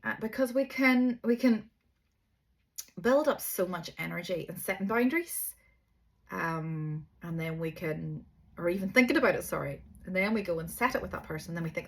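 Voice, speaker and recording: A woman's voice: on the low side, animated, normal speed, gravelly, a little hiss or hum. A middle-aged woman, a yoga teacher, giving a chatty, rambling, encouraging spiritual talk. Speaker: yoga teacher and energy reader. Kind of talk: casual spiritual monologue.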